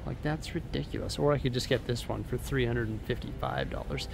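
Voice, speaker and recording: A man with a steady, medium-pitched voice and vocal fry speaks fairly quickly in a casual handheld vlog, rambling and exasperated as he addresses viewers directly. Filmed in an empty building with reverb and later a big store, the recording has a long reverb tail and a little hiss or hum.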